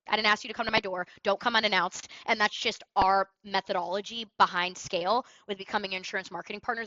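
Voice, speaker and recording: A woman sales coach giving an energetic, emphatic training talk on sales calls, with role-play, on a headset. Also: mid-range voice, no room sound, muffled recording.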